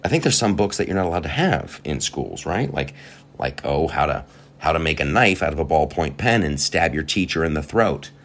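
A man's voice: rumbling low, big pitch swings, normal speed, fairly bright tone. A man hosting a podcast, delivering a profane, sarcastic comedic rant with laughing asides. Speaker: podcast host. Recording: faint guitar music behind.

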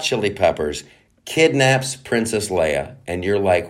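Man, podcast host, comedic rant, low voice, very lively pitch, mocking. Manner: animated, mocking, does quick character voices. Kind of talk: comedic show recap rant.

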